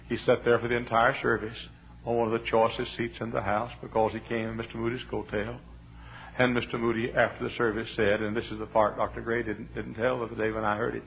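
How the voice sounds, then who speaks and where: A man's voice: on the low side, level tone, fast, creaky. A male pastor preaching a sermon with fervent, repetitive exhortations. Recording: tinny lo-fi sermon recording.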